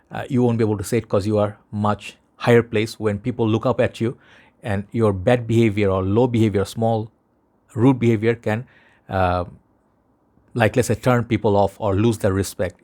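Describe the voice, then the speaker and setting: A man with a Bangladeshi accent talks to camera in a fairly low voice. He rambles earnestly, as if chatting with a brother. It is a casual one-on-one vlog monologue. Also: a little mellow. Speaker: fragrance vlogger.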